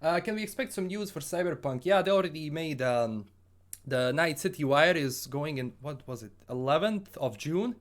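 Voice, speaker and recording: A man's voice: a little high, expressive, moderate pace. A man from Bosnia with a Bosnian accent, hosting a casual gaming livestream and answering viewer questions in an upbeat, rambling way with frequent restarts.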